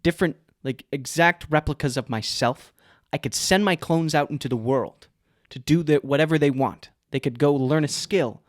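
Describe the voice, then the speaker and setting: A man co-hosting a podcast in casual chat, animated and joking, speeding up when he gets excited. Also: fairly high pitch, moderate pace, dry recording, studio quality. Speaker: podcast co-host.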